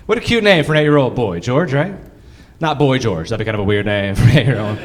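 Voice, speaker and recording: A young man doing a stand-up comedy set on a club stage, crude and self-mocking, with punchy delivery and bursts of shouting. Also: medium pitch, expressive, fast. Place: comedy club stage before a live audience.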